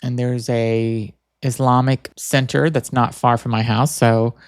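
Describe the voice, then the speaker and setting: A male podcast host rambles through a casual story, tripping over restarts and leaning on fillers. His voice sits in a middle pitch and comes across dry and close, with no room around it. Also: little pitch movement, unhurried, clear, resonant tone, no room sound. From Boston area.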